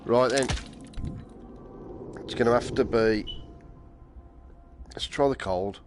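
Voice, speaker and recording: A man's voice: medium pitch, slow pace. A man commentating while playing a VR shooter, muttering and swearing at the enemies on a headset mic. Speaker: VR gamer streamer. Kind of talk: gameplay commentary. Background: game music.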